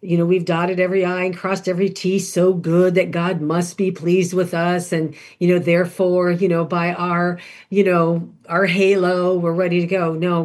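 A woman co-hosting a Christian podcast who speaks earnestly and directly to the listener. Her voice sits lower than most women's. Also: a little mellow. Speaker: podcast co-host. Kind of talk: Christian podcast devotional talk.

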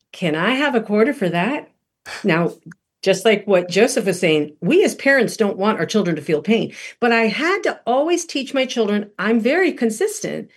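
Middle-aged woman, breathy voice, animated storyteller giving parenting advice, slips into her kids' voices. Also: mid-range voice. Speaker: parenting panel speaker.

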